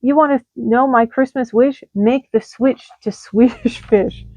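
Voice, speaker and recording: A fairly high-voiced woman reads rhyming holiday letters in a lively sing-song way. The recording is dry and a little dull. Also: measured pace, no echo. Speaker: storyteller.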